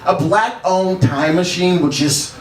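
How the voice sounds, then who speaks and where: A man's voice: sits high, slow, a little hiss or hum. A man doing a stand-up set, laid-back and chuckling between his jokes. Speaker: stand-up comedian. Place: bar stage. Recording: echoey bar heard from a distance. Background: bar ambience.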